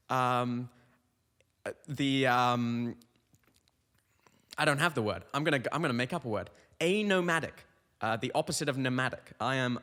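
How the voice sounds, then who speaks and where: A man's voice: a little high, a bit bright, in a large hall. A young adult man hosting a comic podcast monologue, telling rambling stories full of tangents. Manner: rambling, tangent-prone storytelling. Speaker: comedian host.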